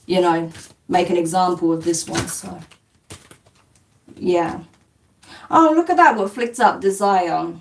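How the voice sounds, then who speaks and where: Woman doing a live stream, talks low, blunt, laughs a lot, sounds far from the mic with a bit of hiss. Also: creaky. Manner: blunt and dismissive, swears casually, laughs often. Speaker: spiritual reader hosting a live stream. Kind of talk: casual live-stream chat answering comments. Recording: distant mic with faint background noise.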